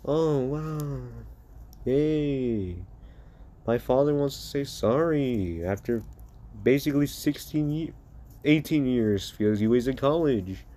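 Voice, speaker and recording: A man's voice: medium pitch, a little slow, pauses often, dark tone, lightly acted. A man voicing a bitter, sarcastic teenage boy who mocks his father. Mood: mocking. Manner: sneering, sarcastic.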